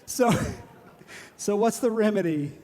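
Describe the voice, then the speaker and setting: A man's voice: high voice, expressive, takes it slowly, mellow. A man, preaching a sermon in a joking, self-deprecating way and laughing often. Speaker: pastor. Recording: long hall reverb.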